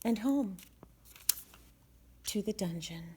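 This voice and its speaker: Woman storyteller, picture book read-aloud, slow and lively in pitch. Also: a little hiss or hum. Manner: expressive and sing-song.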